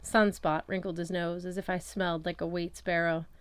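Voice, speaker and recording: A woman with a lowish, steady voice reads a first-person story aloud. Her delivery is wry and conversational. The recording is close and dry with no room sound. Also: moderate pace, clear, resonant tone, no room sound. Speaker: audiobook reader. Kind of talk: first-person audiobook narration.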